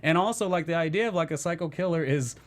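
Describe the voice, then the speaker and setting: A man's voice: fairly high pitch, fast talker. A man hosting a TV review show in casual chat, rambling with many "you know" fillers. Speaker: after-show host.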